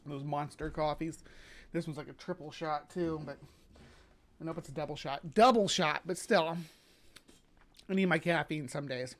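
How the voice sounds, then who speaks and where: A woman's voice: low-pitched, normal speed, pauses often. Bubbly, chatty woman live-streaming. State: slightly hoarse from sinus drainage. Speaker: livestream host. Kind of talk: casual live-stream chat. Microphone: webcam setup.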